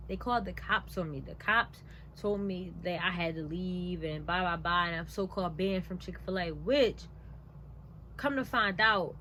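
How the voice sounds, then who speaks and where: A woman's voice: fairly low pitch, normal speed, slight background noise. A young woman vlogger telling a personal story in a casual, emphatic way, with a lot of "like" and "blah, blah, blah.". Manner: animated, emphatic, conversational; frequent "like" and "blah, blah, blah".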